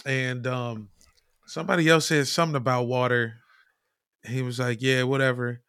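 A man telling a story in casual chat, animated, swearing and mimicking people. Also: mid-range voice, moderate pace, clean tone, no room sound, clean studio sound.

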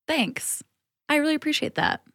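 A woman's voice: high-pitched, big pitch swings, moderate pace, fairly bright tone, no room sound, clean studio sound. A woman guesting on a podcast, chatting in a bubbly, playful way. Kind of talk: casual chat.

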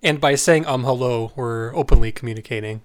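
A man's voice: medium pitch, fairly quick, dry recording. A man hosting a podcast, chatting casually and reading a story aloud, easily amused. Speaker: podcast host.

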